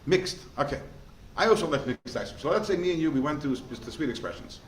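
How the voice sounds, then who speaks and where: A male rabbi gives an animated class, pitched fairly high and full of quick questions to his students. The room is echoey, with a faint hum behind him. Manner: animated, quizzing, storytelling. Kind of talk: lively lecture with questions to students.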